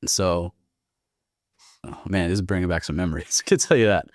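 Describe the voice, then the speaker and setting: A man in his thirties from Northern California, a military veteran, tells his story as a guest on a podcast in a laid-back, profane style, acting out the people he quotes. His low voice moves briskly, recorded in clean studio sound with no room echo.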